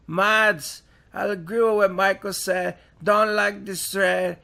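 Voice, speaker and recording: A man doing a put-on accent to dramatically read a furious forum rant, loud and exasperated. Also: high-pitched, vocal fry, heavily acted. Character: furious scolding forum member ranting. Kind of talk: dramatic reading of a forum post.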